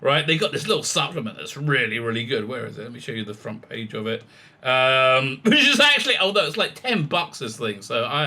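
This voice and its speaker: Sarcastic ranting man, very bright voice. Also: medium pitch. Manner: sarcastic, scornful, with frequent stammered restarts. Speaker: YouTube commentator. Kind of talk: ranting vlog commentary.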